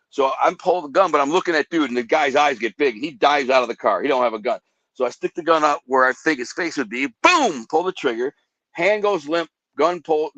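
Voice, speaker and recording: A man telling dramatic life stories in an animated way, acting out gunshots with sound effects. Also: on the high side, no echo. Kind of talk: animated storytelling.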